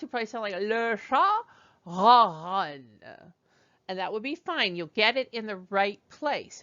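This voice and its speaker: A woman teaching a beginner French lesson, slowly drilling pronunciation with patient, demonstrative repetition. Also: medium pitch, sharp tone, muffled recording.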